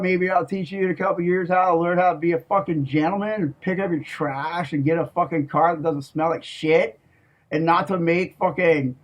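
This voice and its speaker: A man delivering a profane, menacing monologue, with heavy swearing and a slow, emphatic push on his words. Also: fairly high pitch. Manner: slow, emphatic, repeats "okay?". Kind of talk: ranting monologue.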